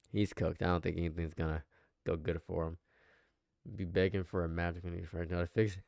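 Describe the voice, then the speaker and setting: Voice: deep voice, creaky, darkish tone, clear, resonant tone, no echo, studio quality. A livestream commentator reacting live, ranting emphatically and repeating phrases for effect.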